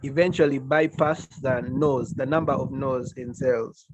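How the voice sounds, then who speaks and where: A man's voice: mid-range voice, fairly even intonation, normal speed, a little mellow, low-quality recording. A man asking a sales coach a question on a video call, hesitant and plain.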